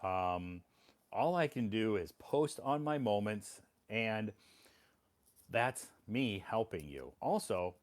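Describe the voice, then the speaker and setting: A man's voice: fairly low pitch, lively intonation, slow. A man explaining things to English learners in a casual spoken monologue, plain and repetitive, often apologizing.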